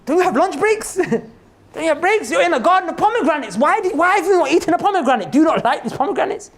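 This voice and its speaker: A man's voice: very high voice, animated, fast, voice pushed up. A man voicing a rich older garden owner who scolds his worker with exasperated questions. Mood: baffled.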